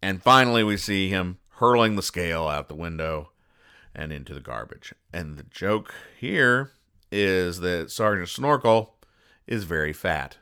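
A man hosting a comedy podcast, explaining comic strips in a dry, deadpan, sarcastic way with frequent restarts. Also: sits low, a little slow, smooth. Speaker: podcast host reading comics.

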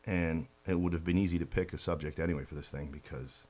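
Deep, fast-talking opinionated man. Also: fairly even intonation, darkish tone. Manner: opinionated, wry, quick. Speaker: podcast guest. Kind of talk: casual chat.

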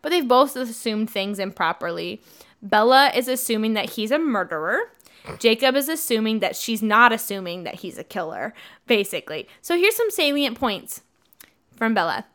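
A woman's voice: on the high side, normal speed. A young woman co-hosting a casual podcast, animatedly retelling a novel and acting out the characters' lines. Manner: animated storyteller, acting out quotes in shifting voices. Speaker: podcast co-host recapping a novel. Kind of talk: casual chat.

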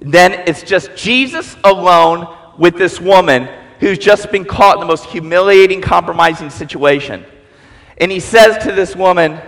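High-voiced animated male preacher. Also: moderate pace, creaky. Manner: animated storytelling, acting out voices. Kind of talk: sermon. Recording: long reverb in a large hall.

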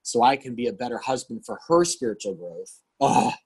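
A man in his forties talks like a pastor sharing his life on a podcast. He is earnest and animated, and he acts out remembered conversations. His voice has a husky, slightly breathy edge, with a middling pitch. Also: brisk. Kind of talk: candid conversational storytelling.

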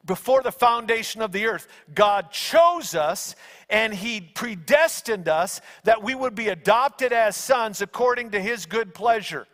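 A man's voice: sits high, measured pace. A man preaching a sermon, telling stories dramatically and raising his voice at key moments. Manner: animated storytelling, acting out angels with shouts. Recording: long hall reverb.

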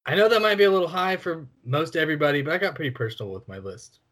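A man co-hosting a casual film-review podcast, speaking in a relaxed, personal way. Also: on the high side, very fast. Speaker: podcast co-host.

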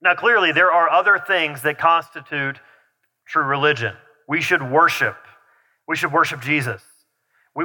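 Male pastor, slightly high voice, chatty sermon style, reverberant sanctuary. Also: sharp tone. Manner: conversational preaching with restarts and asides. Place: church sanctuary. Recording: long reverb of a large hall.

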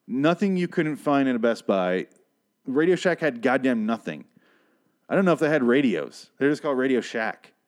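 A man's voice: medium pitch, very animated, moderate pace. A man from Michigan hosting a podcast, ranting in a rambling, sarcastic and profane casual monologue. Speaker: podcast host.

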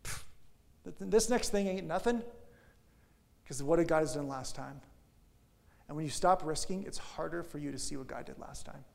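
A middle-aged male pastor giving an energetic, conversational sermon that swings from loud to soft. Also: on the high side, normal speed, creaky, long pauses.

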